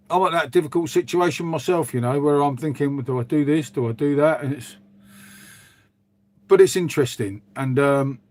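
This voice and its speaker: A man hosting a casual live stream, chatting to viewers in a rambling, matey way with the odd swear word. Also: medium pitch. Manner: chatty, rambling, says "mate" constantly, mild swearing.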